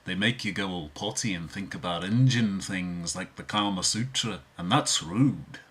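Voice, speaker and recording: A man's voice: deep voice, moderate pace, fairly bright tone, breathy edge. A man impersonating a prim 1960s rock musician, who scolds. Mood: scolding.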